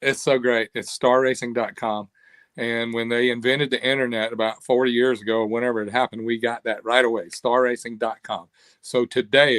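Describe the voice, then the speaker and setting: An older man who owns a cam company tells stories as a guest in a casual interview. He's animated and acts out quoted voices, speaking at medium pitch. The sound is dry and close, with no echo.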